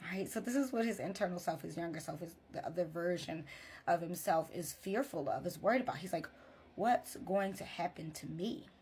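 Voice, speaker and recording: A woman's voice: lowish voice, brisk, a little mellow, a little hiss or hum. A woman therapist chatting in a casual vlog, retelling a story and often checking in with "right?".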